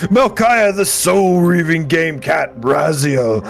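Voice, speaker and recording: A man co-hosting a live podcast, playful and excitable as he reads out viewer names in casual chat. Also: fairly high pitch, slow pace, gravelly. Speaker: co-host reading out chat shout-outs.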